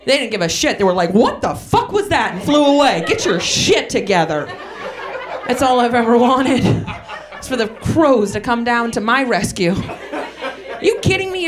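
A queer woman doing a rambling, profane stand-up set, laughing at her own jokes. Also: medium pitch. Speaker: stand-up comedian. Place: comedy club stage with live audience. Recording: loud crowd in club. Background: audience laughing.

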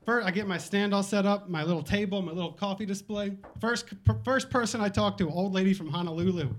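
High-voiced man doing stand-up in a bar. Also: brisk. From Virginia. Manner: self-mocking, loose and conversational. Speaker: stand-up comedian. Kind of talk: stand-up set. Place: bar comedy night.

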